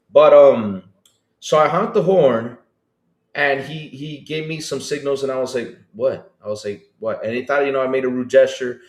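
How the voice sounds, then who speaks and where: A man co-hosting a podcast who chats loosely, often stopping to restart his sentences. His voice is mid-pitched, and the room gives it a noticeable echo. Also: normal speed. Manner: rambling, hesitant with many fillers. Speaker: podcast co-host. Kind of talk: casual chat. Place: Panama.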